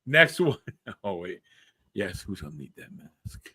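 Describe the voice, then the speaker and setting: A man co-hosting a casual wrestling podcast, chatty and quick to laugh, leading each segment. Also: on the low side, sing-song, sharp tone, husky. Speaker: podcast co-host. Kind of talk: casual wrestling predictions chat.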